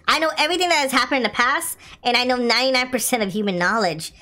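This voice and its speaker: A woman voicing a calm female android doll with a flat, measured, robotic delivery, reading game dialogue. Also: fairly high pitch.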